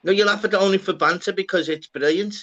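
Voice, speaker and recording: A man with a Scouse accent chatting casually, animated and sweary, acting out quoted voices. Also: high-pitched, quick pace. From Liverpool, England. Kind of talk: casual banter podcast chat. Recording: dull lo-fi audio.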